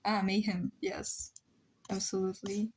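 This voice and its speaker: A woman's voice: medium pitch, flat delivery, measured pace, a little mellow, a little hiss or hum. A woman, a native Spanish speaker with a Spanish accent, chatting casually with her stream while she draws and thinking aloud as she rambles. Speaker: live streamer.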